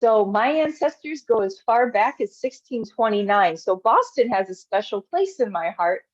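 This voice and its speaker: A woman's voice: fairly high pitch, lively intonation, normal speed, no room sound, highs cut off. A woman from the United States with a Southern American accent, giving a friendly, explanatory slide presentation as a volunteer presenter.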